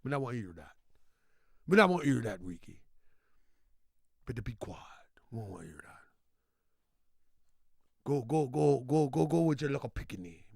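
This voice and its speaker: A man's voice: medium pitch, sing-song, normal speed, vocal fry, pauses often, a little mellow, dry recording, voice pushed down. A man putting on a mocking Jamaican-accented voice. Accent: Jamaican, put on.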